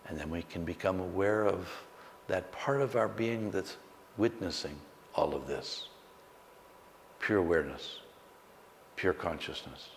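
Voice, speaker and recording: A man, a meditation teacher, guiding a slow, calm meditation with long pauses. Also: low voice. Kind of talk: guided meditation. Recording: long hall reverb, faint background noise.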